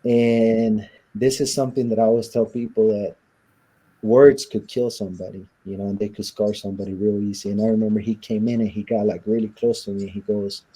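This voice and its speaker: A man from Southern California speaks as an interview guest in a very dark, mellow voice with a husky edge. He tells his story bluntly and with rough language, and he acts out the lines of the people in it. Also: on the low side, fairly even intonation, brisk, poor audio.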